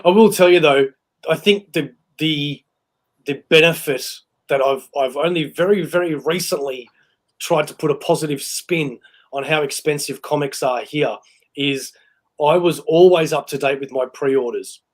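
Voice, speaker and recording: A host with a slightly high voice and moderate pace leads a casual chat. He tells stories animatedly and laughs often.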